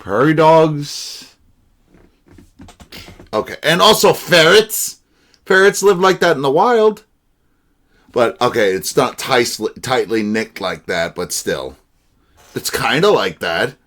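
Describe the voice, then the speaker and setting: A man giving casual reaction commentary in a rambling, animated, profane way. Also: mid-range voice, measured pace. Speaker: video reaction host.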